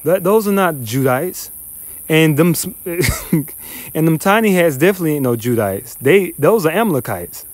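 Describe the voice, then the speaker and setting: A man's voice: fairly high pitch, expressive, normal speed, dry recording. A man teaching the Bible verse by verse, reading passages then ranting in a profane, scornful, emphatic way. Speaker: scripture teacher.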